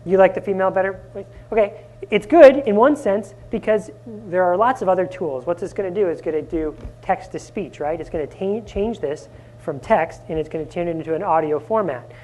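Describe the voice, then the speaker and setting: A man presenting a live conference workshop, energetic and often asking the audience questions. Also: sits high, a little fast. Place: conference room.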